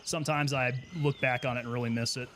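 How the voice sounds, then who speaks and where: Male streamer, mid-pitched, casual and chatty, thinks aloud while playing, faint background hiss. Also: fairly even intonation, fast talker, fairly bright tone. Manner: chatty, thinks aloud, answers chat questions. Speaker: gaming streamer and Army veteran. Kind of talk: casual live gameplay commentary.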